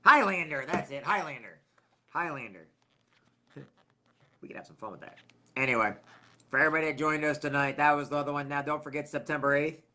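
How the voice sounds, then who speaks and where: A man's voice: on the high side, a little fast, pauses often, pushed and bright, slight background noise. Rambling man hosting a casual livestream. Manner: rambling, loses his train of thought. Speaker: livestream host.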